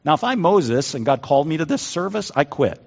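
A male pastor preaching a sermon in a dramatic, animated way, swinging between loud and soft, recorded in a church sanctuary with a dull sound and long reverb. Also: on the high side, fairly quick, creaky.

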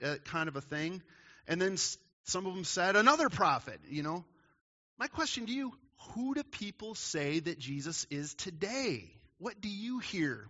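Pastor, male, bright fairly high voice, chatty sermon delivery, dull lo-fi recording. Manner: conversational, asks the audience questions.

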